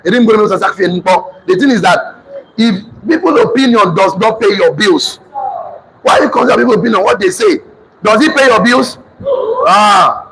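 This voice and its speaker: A Nigerian-accented man leads a motivational class with a high, ringing voice. He talks emphatically, repeats his points and drills the room in call-and-response. A faint hiss of noise sits under him. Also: sing-song, brisk, fairly bright tone, low-quality recording. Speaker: motivational teacher.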